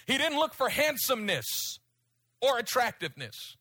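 A middle-aged man delivers a sermon in a high, bright voice. His preaching swings from loud pleas to quiet, low passages. The sound is close and dry. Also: sing-song, moderate pace, dry recording.

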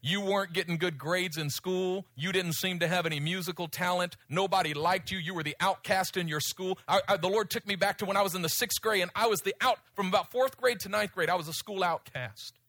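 A middle-aged man preaches a sermon like he's telling a story, swinging between loud pleading and hushed, low speech. He talks briskly with few pauses, and there's no echo.

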